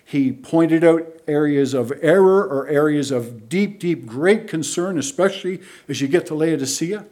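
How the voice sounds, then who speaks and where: A middle-aged man preaching a sermon, emphatic, moving between loud stresses and hushed asides. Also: on the high side, moderate pace.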